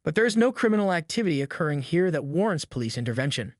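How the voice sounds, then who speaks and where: A text voice doing a calm police sergeant. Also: male voice, a little high, no echo, clean studio sound. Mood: composed. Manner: measured, firm but polite.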